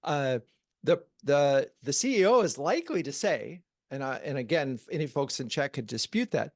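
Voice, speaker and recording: Man host, mid pitch, dry close sound, conversational on a video call. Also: lively intonation, normal speed, no echo. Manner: conversational, asks with a worked example, some fillers. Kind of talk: casual chat.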